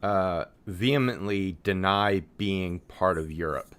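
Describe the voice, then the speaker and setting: A man's voice: sits low, takes it slowly, fairly bright tone, clean tone. A man in a casual online panel chat with a wry, sardonic manner.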